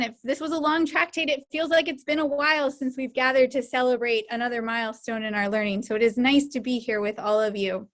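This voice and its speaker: A woman hosting an online study gathering, welcoming panelists and then explaining things in a measured, reflective way over a video call. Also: high voice, a bit bright. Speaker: host and editor.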